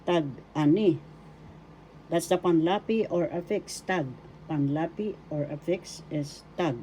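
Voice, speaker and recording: A woman's voice: lowish voice, slow, mellow, slight background noise. An older woman teaching a language lesson, repeating each word and sounding out its syllables one by one. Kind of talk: slow deliberate language lesson.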